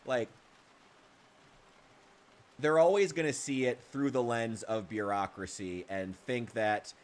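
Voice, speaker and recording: A man's voice: mid-range voice, normal speed. Profane ranting male game streamer. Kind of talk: casual live-stream talk, reacting to chat.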